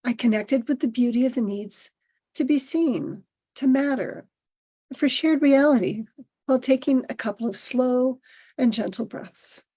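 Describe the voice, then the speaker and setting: A middle-aged woman hosting a podcast, reading a personal essay aloud in a gentle, measured storytelling manner. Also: sits high, slightly rough. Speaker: podcast host.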